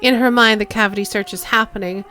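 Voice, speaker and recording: A woman streamer reads a video game's narration aloud, lively and engaged, and drops casual remarks in between. Her voice has a bright, forward edge at a middle pitch. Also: fast. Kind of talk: reading game text aloud with asides.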